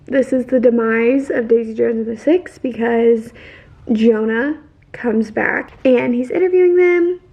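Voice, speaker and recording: A woman with a fairly high voice and a lot of vocal fry talks through a book's story in a casual recap. She rambles, restarts her sentences and leans hard on her opinions. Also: a little slow, dull audio. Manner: rambling, heavy on fillers and restarts; emphatic, opinionated. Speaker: book vlogger.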